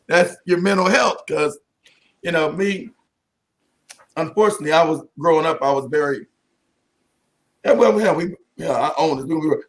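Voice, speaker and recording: A man with a slightly high-pitched voice speaks casually to an audience, like family. He jokes and swears freely, and his sentences keep restarting and wandering into asides. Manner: joking, profane, full of restarts and asides; keeps addressing the audience as family. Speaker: speaker at a community talk. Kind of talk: casual storytelling talk to an audience.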